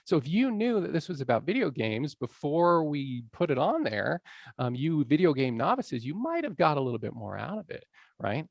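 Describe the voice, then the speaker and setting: A man's voice: fairly high pitch, big pitch swings, normal speed, creaky, no room sound. A man lecturing on language learning in a conversational way, often checking in with his audience. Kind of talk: public lecture. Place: college lecture room.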